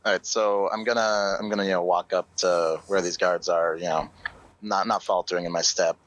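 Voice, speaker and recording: A man with a deep, low voice plays a tabletop game. He describes his character's moves in a calm, reassuring way. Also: moderate pace, rough recording. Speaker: player.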